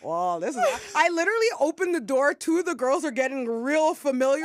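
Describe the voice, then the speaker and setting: A woman's voice: high voice, a little fast, hardly any pauses, no echo. Young woman podcast co-host, chatty storyteller, salty language, dry close mic. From Ottawa, Canada. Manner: animated storyteller, acts out quotes, swears freely. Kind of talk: casual storytelling chat.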